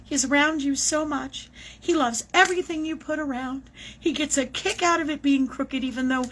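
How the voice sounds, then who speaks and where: A woman's voice: high-pitched, normal speed, a little hiss or hum, rough recording. Chatty woman giving a live reading. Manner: chatty, animated, swears casually. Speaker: psychic medium.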